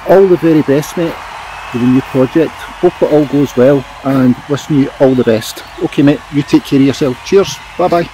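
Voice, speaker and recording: A man's voice: medium pitch, normal speed, mellow, slight background noise, rough recording. A Scottish man outdoors in a town, giving a friendly greeting with wry humor. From Scotland. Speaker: guest giving points. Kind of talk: casual video greeting.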